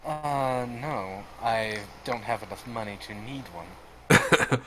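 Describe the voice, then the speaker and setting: A man's voice: medium pitch, slow, background noise. A man playing a tabletop game, speaking hesitantly with many "uh"s and a wry tone. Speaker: player. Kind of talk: casual tabletop play. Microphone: home mic on a livestream.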